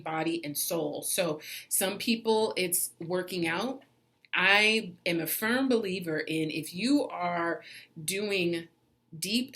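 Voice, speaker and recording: A woman in her forties giving casual motivational advice in a self-help vlog, laughing often and jumping up in pitch for emphasis. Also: a bit bright. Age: 40s.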